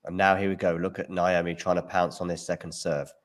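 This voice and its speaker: A man hosting a live tennis watchalong, giving relaxed play-by-play with opinions. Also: sits low, brisk. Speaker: watchalong host. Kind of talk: live match commentary.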